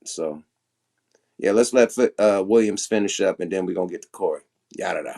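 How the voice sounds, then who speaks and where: A man's voice: sits low, a little fast, dark tone. Profane, emphatic male livestream host. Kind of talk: casual livestream commentary.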